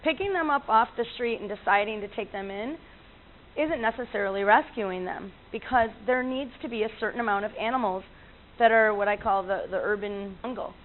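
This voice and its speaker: A woman's voice: medium pitch, a little fast. A woman who works as an animal communicator, telling stories in a chatty way with frequent laughs and restarts. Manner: chatty, laughs often, many fillers and restarts. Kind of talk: casual storytelling talk. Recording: tinny lo-fi line with faint noise.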